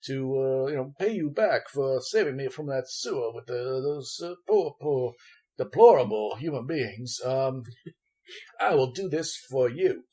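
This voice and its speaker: A man playing a wordy, evasive Southern gentleman lawyer, flowery and polite, halting with many restarts. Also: mid-range voice, expressive, close to an everyday voice. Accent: American Southern. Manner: florid, overly polite.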